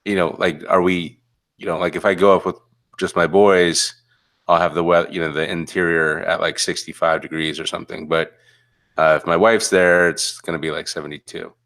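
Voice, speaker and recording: A man with a very deep voice co-hosts a casual podcast. He talks in a relaxed, rambling way, padding his points with ums and you-knows. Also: moderate pace. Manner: relaxed, rambling, many fillers. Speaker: podcast co-host.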